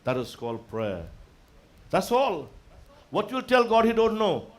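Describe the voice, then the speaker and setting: Guy preaching at a festival, fairly high voice, calls out prayers then goes soft and low. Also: sing-song, unhurried. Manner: preaching with sung-out invocations and dropping to soft asides. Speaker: religious speaker. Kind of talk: devotional sermon. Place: religious festival gathering.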